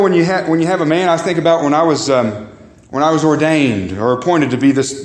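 Emphatic pastor in an echoey church. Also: male voice, darkish tone. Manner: emphatic, swings pitch high and low, repeats words; addresses congregation as "guys" and "beloved". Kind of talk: sermon. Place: church sanctuary.

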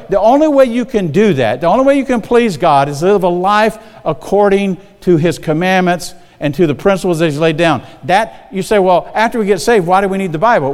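A man's voice: sits high, a little mellow. Older male preacher in a reverberant church. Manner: conversational, often checking in with the congregation. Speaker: guest preacher. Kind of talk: sermon.

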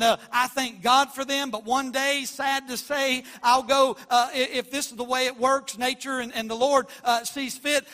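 Male pastor, sermon delivery, high voice, bright and forceful, swings from hushed to loud. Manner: passionate, shifts from quiet to loud.

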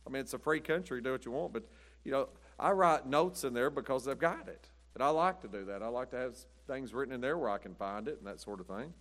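A man's voice: mid-range voice, animated, fast talker, fairly bright tone. A man preaching a sermon in a folksy, rambling storytelling way, chuckling often. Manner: rambling, chuckling, says "but anyway" often.

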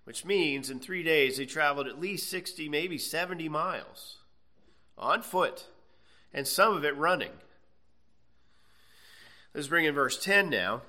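A man's voice: on the high side, animated, measured pace, long pauses, bright, forceful tone. A man teaching a Bible class, reading scripture aloud and explaining it conversationally, often checking in with "okay.".

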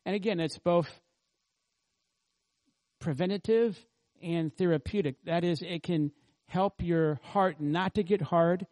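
Mellow-voiced man preaching a sermon. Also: high voice, a little slow, pauses often. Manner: earnest teaching with rhetorical questions. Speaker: pastor. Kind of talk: expository sermon.

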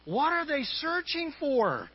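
Brief: man playing an irritated boss on the phone, high and drawn-out, pushing with questions. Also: sing-song, husky, highs cut off, heavily acted. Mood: pressing. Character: irritated company boss on the phone, growing alarmed.

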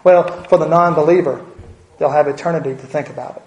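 A man delivers a sermon in a church sanctuary, his voice sitting a little high. He speaks earnestly, repeating key phrases for emphasis and dropping in folksy asides. The sound carries a roomy church echo. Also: steady tone, fairly quick, darkish tone, highs cut off. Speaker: preacher.

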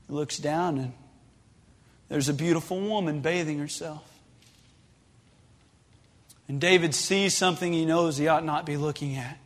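A man preaching a sermon, passionate and rising to shouted pleas. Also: sits high. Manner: impassioned, builds to shouted pleas. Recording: long hall reverb.

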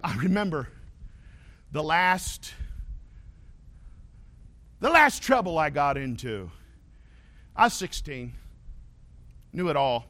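A male pastor preaching a sermon, telling stories with animated swings from loud points to quiet asides. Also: fairly high pitch.

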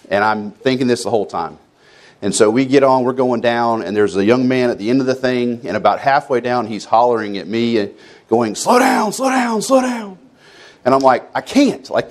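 A middle-aged pastor telling a personal story from the pulpit before reading scripture, acting out the voices in it. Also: male voice, on the low side. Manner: storytelling with animated quoted voices. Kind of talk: sermon.

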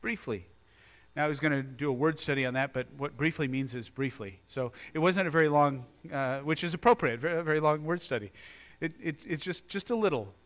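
A man preaching a sermon as pastor, moving from quiet, earnest talk to loud, fired-up exhortation. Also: on the high side, brisk.

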